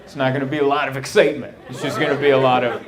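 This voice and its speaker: Racing through his material in a mid-range voice, an American stand-up comedian works a laughing comedy club crowd, their laughter loud on the live recording. He's animated and performs the quoted voices himself.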